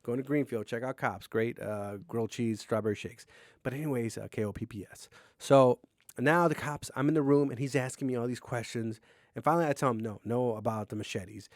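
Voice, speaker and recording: A man's voice: medium pitch, no echo, studio quality. A man hosting his own podcast alone, telling a long story in a rambling, profane, joking way. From Mexican-American. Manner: rambling, profane, joking, quick swings in loudness. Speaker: podcast host. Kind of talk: casual solo storytelling. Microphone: camera on a desk, seen on video.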